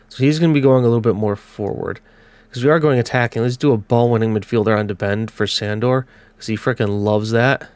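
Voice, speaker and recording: A man with a blocked nose giving casual let's-play commentary on a football management game, calling the match in quick bursts. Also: mid-range voice, a little mellow, no echo. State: congested. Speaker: gaming commentator.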